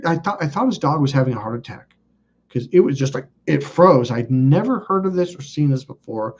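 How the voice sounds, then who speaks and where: A man telling a rambling personal story in casual talk, acting out the people in it with sudden excited exclamations. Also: a little fast, husky. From California. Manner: animated, acts out quotes with sudden high exclamations. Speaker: channel host. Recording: dull lo-fi audio.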